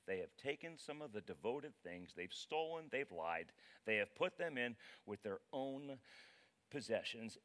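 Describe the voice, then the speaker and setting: A man voicing a stern, grave voice of God. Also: a bit bright. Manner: low, grave, measured. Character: stern divine voice passing judgment.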